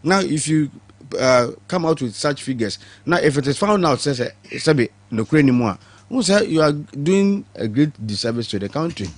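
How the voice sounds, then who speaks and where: A man's voice: a little high, lively intonation, normal speed. A man with a Ghanaian accent, arguing as a panelist in a heated TV debate, switching between English and Twi and repeating words for emphasis.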